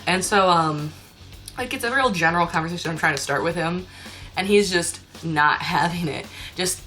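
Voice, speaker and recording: A woman's voice: fairly low pitch, lively intonation, moderate pace, sharp tone, faint music behind. A young woman telling a story in a casual vlog, chatty and ranting with laughs. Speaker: cosplayer and convention staff.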